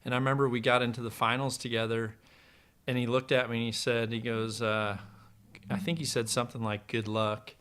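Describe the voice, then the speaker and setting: A middle-aged man with a smooth, resonant voice talks through a story in a loose, meandering way. His pitch sits in an ordinary middle range. He spins anecdotes casually, with lots of fillers, as a guest on a podcast. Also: brisk. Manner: relaxed, rambling anecdotes with many fillers. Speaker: podcast guest, former pro archer.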